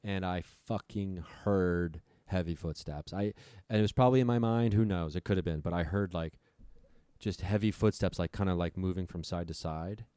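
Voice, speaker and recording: A man's voice: sits low, normal speed, warm tone, smooth, no room sound, clean studio sound. A man guest on a podcast, retelling a story with lots of swearing. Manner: profane, breathless retelling.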